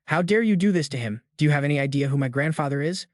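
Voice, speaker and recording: A man's voice: a little high, lively intonation, fast talker, dry recording, clean studio sound, natural voice. A man voicing an arrogant, spoiled young woman in a comic recap, haughty and sneering.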